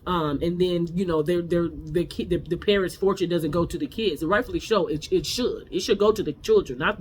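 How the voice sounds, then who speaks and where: A woman's voice: lowish voice, a little hiss or hum. Sassy woman giving a blunt TV recap. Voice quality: blunt, sassy, candid, with frequent restarts. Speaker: reality TV recap host. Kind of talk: casual recap commentary.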